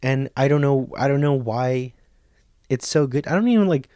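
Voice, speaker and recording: A man in his thirties hosting a podcast, delivering a profane comic monologue that swings from hushed nature-documentary whispers to loud rants. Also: mid-range voice, moderate pace, clean tone, dry recording, clean studio sound. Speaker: podcast host. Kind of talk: comedic monologue.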